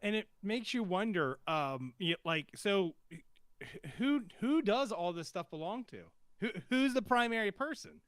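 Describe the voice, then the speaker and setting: A man's voice: high-pitched, lively intonation, unhurried, no room sound, clean studio sound. A man co-hosting a podcast, musing about a TV episode in casual chat with a hesitant, speculative manner. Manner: hesitant, many fillers and restarts, speculative. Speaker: podcast co-host.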